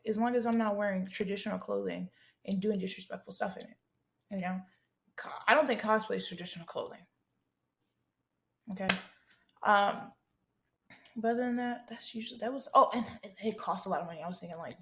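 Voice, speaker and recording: A woman's voice: medium pitch, fast. A young woman hosting her own podcast, chatting casually and bluntly through listener questions, swearing freely and using a lot of slang. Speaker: podcast host. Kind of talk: casual solo chat answering listener questions.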